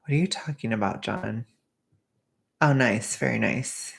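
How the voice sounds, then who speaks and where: A woman's voice: extremely low pitch, measured pace, vocal fry. A woman streamer in casual, rambling chat who sometimes drops into an ASMR whisper.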